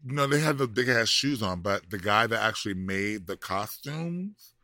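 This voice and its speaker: A man's voice: lowish voice, lively intonation, moderate pace, pushed and bright, dry recording, clean studio sound. A man co-hosting a podcast in casual chat, sassy and drawling, laughing often. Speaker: podcast co-host.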